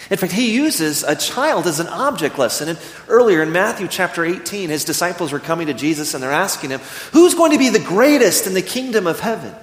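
A man in his thirties preaching a sermon, earnest and storytelling, slowing down when he reads scripture. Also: a little high. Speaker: pastor. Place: church sanctuary. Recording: echoey church hall.

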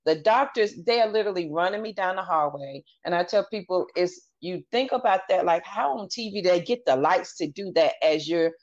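A female podcast guest speaks at normal speed with a fairly low pitch, lively intonation and hardly any pauses. She candidly and earnestly shares her story, acting out others' words in her own voice. The audio is dull and lo-fi.

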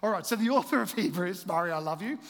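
A middle-aged man giving a sermon as pastor, animated and playful, with asides to the congregation. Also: high-pitched, fast talker. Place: church hall. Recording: reverberant hall.

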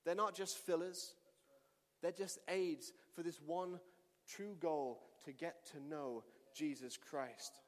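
A male pastor preaching a sermon and telling a story with lively delivery that rises to shouts. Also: a little high, takes it slowly. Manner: animated storytelling, shouting at climaxes. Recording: long reverb of a hall.

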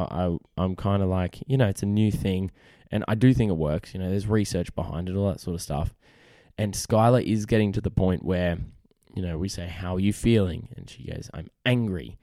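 A man's voice: low voice, warm tone, dry recording, studio quality. A young adult man hosting his own podcast, talking casually and rambling in a self-deprecating way with lots of "you know.". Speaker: podcast host. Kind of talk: casual chat.

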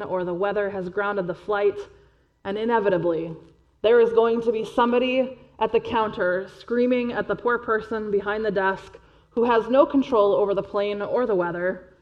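A woman's voice: mid-range voice, highs cut off. Woman preaching an earnest sermon. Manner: earnest, measured, drops to quiet emphasis. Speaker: pastor.

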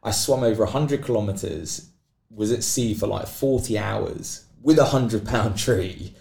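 Animated man in a roomy room. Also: lowish voice, measured pace, gravelly. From Britain. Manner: animated, acts out quoted voices. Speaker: guest athlete. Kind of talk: storytelling in a podcast interview. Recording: roomy echo.

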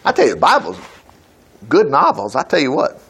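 A high-pitched man preaches from the Bible in a folksy, chatty manner. His voice leaps around a lot, and he keeps breaking off into exclaiming asides. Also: huge pitch swings, brisk, creaky, a bit bright, breathy edge.

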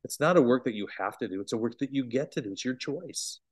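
A man leads a bible study in a lively teaching voice of middling pitch. He stresses key words, rising loud and then dropping to hushed asides. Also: fast, breathy edge. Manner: animated, emphatic, swings between loud and hushed.

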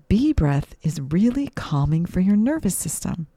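A woman gently leading children through a breathing and mindfulness meditation, asking soft questions. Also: fairly low pitch, very animated, dry recording, studio quality. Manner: slow, soothing, gently questioning. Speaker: mindfulness teacher for kids.

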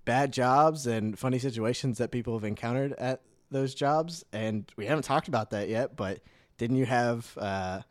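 A man's voice: medium pitch, normal speed, no echo. A man co-hosting a casual podcast, teasing and arguing with his friend and laughing often. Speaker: podcast co-host. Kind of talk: casual banter.

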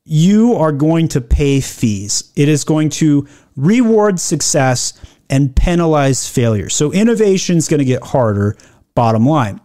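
A man talks through business news in an opinionated, emphatic way, leaning on sarcasm. His voice sits a little high for a man. He slows down to read quoted lines, then picks the pace back up to pick them apart. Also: darkish tone. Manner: reads quoted policy text slowly, then riffs. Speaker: e-commerce commentator.

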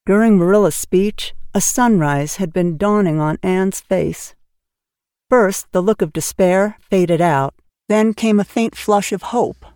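A woman narrating an audiobook with clear, expressive reading. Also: medium pitch, unhurried, dry recording, clean studio sound. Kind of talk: scripted narration.

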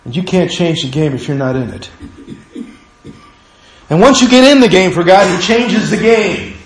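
Animated preacher man in an echoey hall. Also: high-pitched, moderate pace, slight background noise. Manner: animated preacher, acts out both sides of prayers to God. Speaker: pastor. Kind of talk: sermon. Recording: echoey hall, mic far off.

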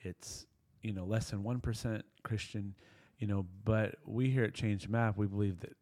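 A man with a fairly low voice hosts a podcast interview. He speaks encouragingly and affirms his guest often as he prompts him to share more stories. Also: steady tone, normal speed, dark tone. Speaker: podcast host.

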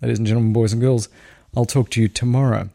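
A middle-aged Australian man hosting a casual solo podcast, speaking quietly with a wry, showman's repeated catchphrases. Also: mid-range voice, steady tone, fast, gravelly, no echo, clean studio sound. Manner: hushed, talking quietly because a baby sleeps. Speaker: daily podcast host.

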